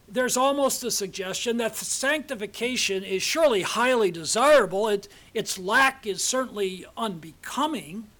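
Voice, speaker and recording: An older man, a seminary professor, giving a measured, deliberate theology lecture with frequent pauses. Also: sits high, a bit bright. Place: seminar hall.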